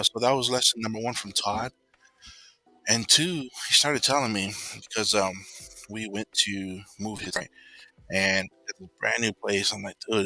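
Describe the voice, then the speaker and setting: A man casually telling a personal story, rambling and filling pauses with "you know.". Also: on the low side, bright, forceful tone, rough recording.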